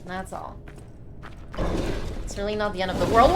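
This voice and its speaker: A young woman streaming a game live, reacting loudly and swearing often as she plays. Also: mid-range voice, fairly even intonation, moderate pace, heavy background noise. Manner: reactive, swearing, frequent outbursts. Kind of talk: live gameplay commentary.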